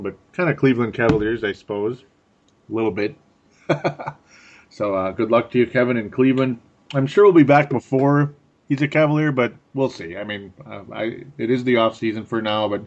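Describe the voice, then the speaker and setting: A man's voice: mid-range voice, normal speed. A man co-hosting a podcast in casual sports chat, chatty and laughing often, repeating words for effect. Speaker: podcast co-host. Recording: dull lo-fi audio.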